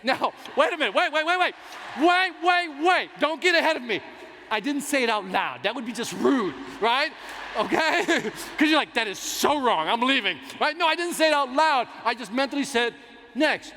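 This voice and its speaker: A man giving a motivational sales keynote on stage in a large conference hall, telling stories in an animated, self-mocking way. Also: very high-pitched, normal speed, a little hiss or hum. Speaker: keynote speaker. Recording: reverberant hall with faint ambience.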